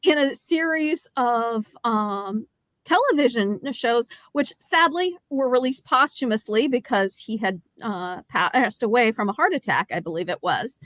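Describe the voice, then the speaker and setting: A woman co-hosting a podcast, informative and analytical, speaking in a measured casual chat about an old film. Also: on the high side, expressive, a bit bright, no echo. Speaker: podcast co-host. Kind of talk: casual movie review chat.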